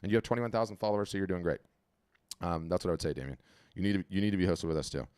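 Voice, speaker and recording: Deep-voiced chatty man hosting a webinar. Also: rapid-fire, clean tone, no room sound, clean studio sound. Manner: animated, chatty, often repeats and restarts words. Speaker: webinar host auditing artist profiles. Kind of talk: casual live webinar commentary. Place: home. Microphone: video call.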